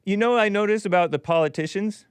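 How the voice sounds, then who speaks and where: A man's voice: high voice, fast, clear, resonant tone, no room sound. A man hosting a call-in show, chatting casually and agreeably, chuckling often.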